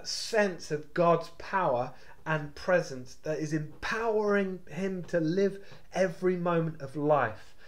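A male pastor giving a devotional sermon, preaching with passion and urgency and repeating his phrases. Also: sits high.

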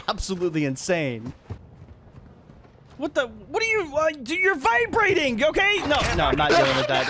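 A man giving excited, laughing commentary over his own gameplay as a video host, jumping between shouting and muttering. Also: extremely high pitch, a little hiss or hum. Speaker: gaming YouTuber.

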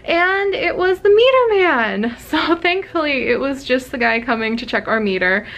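A young woman talks to her camera in a small rented apartment, telling stories in a casual, rambling way. She laughs easily, restarts her sentences and pokes fun at herself. Her voice sits a little high for a woman. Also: animated, normal speed, fairly bright tone. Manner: chatty and self-deprecating, laughs often, rambling restarts. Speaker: vlogger. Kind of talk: casual talking-to-camera vlog.

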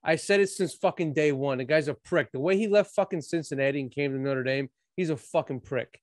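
A man's voice: a little high, a little fast, no echo. A man co-hosting a sports show, ranting heatedly with constant swearing in casual chat. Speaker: sports podcast co-host.

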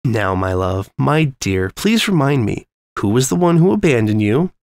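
A man's voice: mid-range voice, very animated, normal speed, no room sound, studio quality. A man voicing a manipulative, possessive young woman who coaxes her captive in a condescending tone. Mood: coaxing. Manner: coaxing, condescending.

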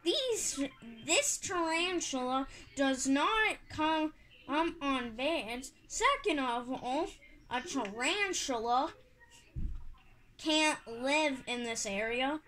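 A woman's voice: high voice, animated, very slow, sharp tone, a little hiss or hum, rough recording. A woman giving silly, rambling gameplay commentary with sing-song asides. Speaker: gaming channel host.

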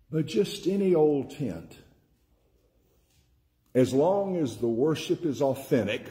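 Mellow-voiced preacher man, slow emphatic delivery. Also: medium pitch. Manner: emphatic preaching, slowing and repeating key words for stress. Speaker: pastor. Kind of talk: sermon.

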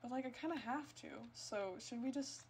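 A woman's voice: sits high, moderate pace, a little mellow, breathy edge. A woman streaming a video game, chatting casually to her viewers in a rambling way with lots of filler words. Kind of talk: casual gameplay streaming chat.

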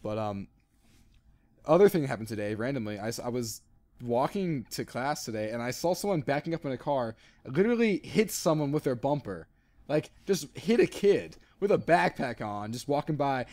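Animated young man telling stories. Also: mid-range voice, fairly quick. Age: young adult. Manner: animated anecdote telling, crude humor. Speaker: podcast cast member. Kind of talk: casual chat, storytelling.

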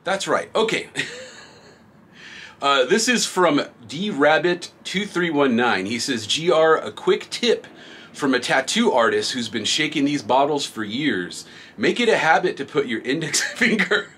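A man's voice: fairly high pitch, very animated, a little slow, a bit bright, a little hiss or hum. A middle-aged man hosting a graffiti supply channel, reading viewer comments in a laid-back, rambling way and laughing often. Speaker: graffiti product reviewer and shop host.

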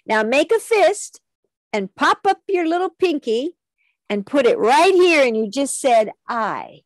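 A woman's voice: sits high, sing-song, a little slow, clean studio sound. A woman teaching a children's music lesson over a video call, calling out phrases and singing them for the kids to echo back. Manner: call-and-response, sings along.

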